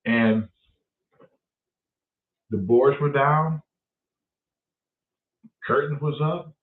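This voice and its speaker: A man's voice: medium pitch, very slow. A man telling a story in a casual, profane way and acting out the dialogue as he goes. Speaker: show host telling a story. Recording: echoey, distant, phone-like sound.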